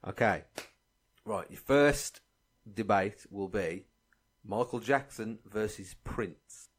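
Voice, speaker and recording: A man hosting a podcast, chatting casually and often breaking into laughter. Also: on the low side. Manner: laughs often, runs quick-fire games. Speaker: podcast host. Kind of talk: casual chat.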